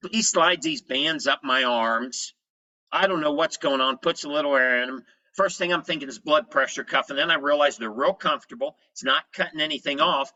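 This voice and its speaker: A man giving an energetic health presentation, telling his story in short punchy phrases. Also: fairly high pitch, moderate pace, lo-fi sound.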